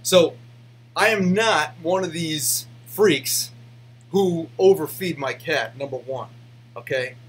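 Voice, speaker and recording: A man's voice: fairly high pitch, slow, slightly rough. A man casually chatting to fans, rambling with many restarts and fillers, then ranting defensively. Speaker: YouTube host answering fan questions. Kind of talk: casual behind-the-scenes chat.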